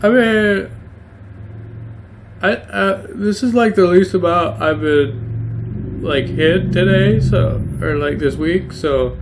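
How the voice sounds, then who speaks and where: A cheerful, battered male dog, put on by a man, chatters away in a tabletop game. The voice sits well above a man's normal range, sweet and breathy. He sounds eager and friendly despite his troubles. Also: slow pace, long pauses, noisy background, exaggerated voice. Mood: chirpy. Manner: high, sweet, breathy little voice.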